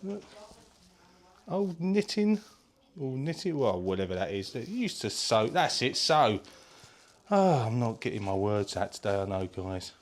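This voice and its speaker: A man vlogging a casual walking tour of an open-air museum, chatty and excitable, talking straight to his viewers. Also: medium pitch, a little slow. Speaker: travel vlogger. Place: visiting an open-air museum, indoors and outdoors.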